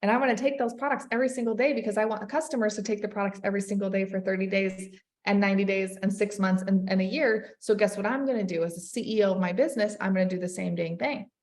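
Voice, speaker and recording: A woman leading a sales team, giving an energetic motivational talk and calling her listeners "you guys". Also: mid-range voice, echoey room. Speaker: network marketing team leader.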